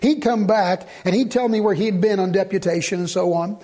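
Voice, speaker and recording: A man preaching a sermon as the pastor, swinging from loud exhortation to low, earnest asides. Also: brisk.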